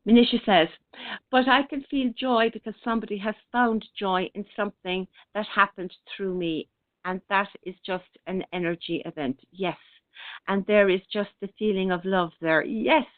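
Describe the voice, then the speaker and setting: A woman hosting a spiritual talk radio show. She speaks gently and unhurriedly, reading out listener comments with many fillers and restarts. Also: mid-range voice, steady tone, moderate pace, no room sound. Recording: tinny phone-line internet radio.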